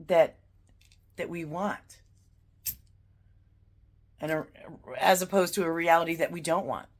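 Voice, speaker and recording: A woman giving a heartfelt spiritual morning talk as a card-reading vlogger, gently guiding the listener through breathing. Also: low voice.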